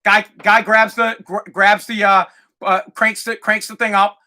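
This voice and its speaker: A podcast host tells a story in a casual, rambling way, swearing freely. His voice sits high for a man. It has a bright, forceful edge. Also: unhurried. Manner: profane, animated, rambling.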